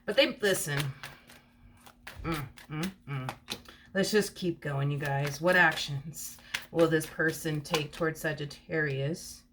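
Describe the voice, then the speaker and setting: A woman's voice: sits low, slow pace, noisy background. A woman giving a casual tarot reading. She is chatty and giggly, and she repeats her words often. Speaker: tarot card reader.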